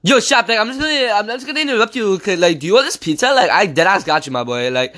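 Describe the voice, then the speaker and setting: A man's voice: sits high, expressive, quick pace, pushed and bright, pitched above the performer's own voice. A teenage boy imitating a laid-back classmate who lisps and fills every phrase with "like". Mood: drawling. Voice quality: lisp, every phrase padded with "like".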